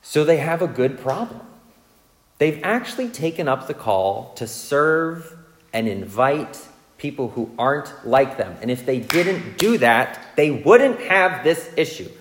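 A man preaching a sermon, telling self-mocking stories in a lively way and checking in with the audience. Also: mid-range voice, a little slow. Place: large church hall. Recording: long reverb of a large church hall.

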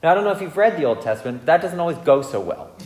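A man preaching a sermon, telling self-mocking stories in a lively way and checking in with the audience. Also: a little high, racing. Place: large church hall. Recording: long reverb of a large church hall.

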